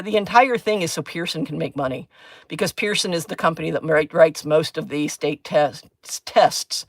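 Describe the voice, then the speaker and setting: A woman's voice: on the low side, no echo. A middle-aged woman chatting casually on a crafting livestream, rambling and self-deprecating, laughing often at herself. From United States. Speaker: crafting livestreamer, former chemistry teacher.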